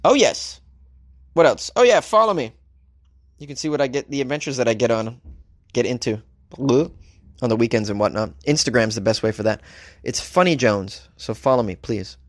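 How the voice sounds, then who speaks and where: A man hosting a solo comedy podcast, joking his way through odd news stories with lively asides. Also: mid-range voice, moderate pace, no echo. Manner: animated, joking, reads news aloud with asides. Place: home studio, Los Angeles.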